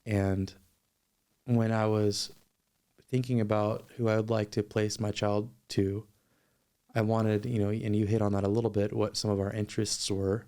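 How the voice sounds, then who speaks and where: A man guest on a podcast, telling a personal story in a measured, thoughtful, sincere way. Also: on the low side, level tone, dark tone.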